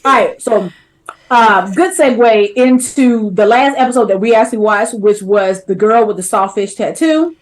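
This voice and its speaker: A woman co-hosting a show in casual, chatty talk. She teases playfully and keeps things light. Her voice sits slightly high. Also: moderate pace, low-quality recording. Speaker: co-host. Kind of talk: casual chat.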